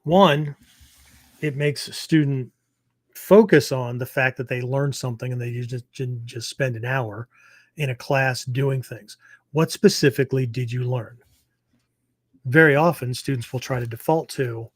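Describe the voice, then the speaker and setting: A man's voice: mid-range voice, a little slow, no room sound. A man hosting a martial arts podcast, explaining ideas in a loose, rambling way with many fillers and frequent "okay?" check-ins. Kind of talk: casual teaching talk.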